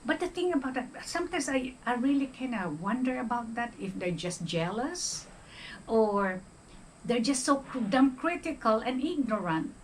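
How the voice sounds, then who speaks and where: Emphatic older Filipina with a raised voice. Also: female voice, a little high, a little hiss or hum, poor audio. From Philippines. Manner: emphatic, checks in with "okay?". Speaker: retired nurse vlogger. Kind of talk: casual monologue.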